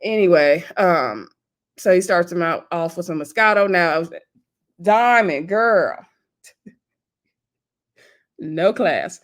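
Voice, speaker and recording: A woman vlogger recapping a reality TV episode in a casual, gossipy, animated way, with loose slangy talk and asides to her viewers. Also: lowish voice, takes it slowly, long pauses. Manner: loose slangy speech addressing viewers as y'all.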